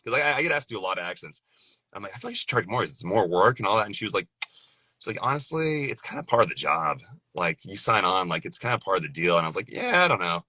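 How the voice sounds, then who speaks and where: Laid-back low-voiced man, bright tone. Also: big pitch swings, fast, breathy edge, no room sound. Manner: laid-back, loose, laughs often, says "dude" and "like". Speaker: guest voice actor. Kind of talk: casual conversation.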